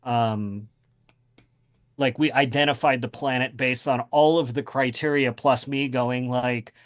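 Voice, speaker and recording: A man's voice: medium pitch, fairly even intonation, unhurried. A man speaking as a guest author in a casual interview, rambling with many fillers and restarts.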